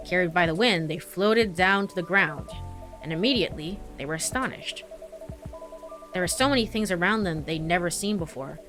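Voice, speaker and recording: A woman's voice: lowish voice, animated, moderate pace. A young woman streaming a game, reading its story aloud with giggles, stumbles over names and chatty asides. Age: young adult. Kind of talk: let's play, reading game text aloud. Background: faint game music.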